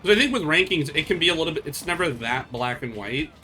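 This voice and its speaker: A man's voice: on the high side, lively intonation, quick pace, pushed and bright. A young man streaming, chatting casually with viewers in a blunt, profane, rambling way.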